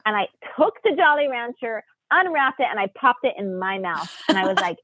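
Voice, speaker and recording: A woman from the United States, a podcast guest, telling family stories in a lively way, often laughing and acting out what people said. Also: moderate pace, dry recording. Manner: animated, acts out quotes with big pitch jumps, laughs often. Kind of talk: storytelling in casual chat. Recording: tinny phone-line audio.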